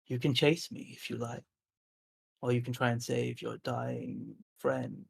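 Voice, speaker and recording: A man voicing a towering, cruel wooden forest creature that speaks in a slow, quiet, mocking way. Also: mid-range voice, steady tone, gravelly, breathy edge, dry recording, full character voice. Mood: taunting.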